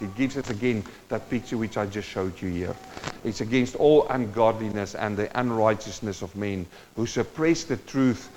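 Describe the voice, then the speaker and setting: A male preacher giving a sermon, moving between quiet teaching and loud, impassioned exhortation and speaking straight to his listeners. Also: lowish voice, a little hiss or hum. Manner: addresses the congregation directly. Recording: dull sound with long hall reverb.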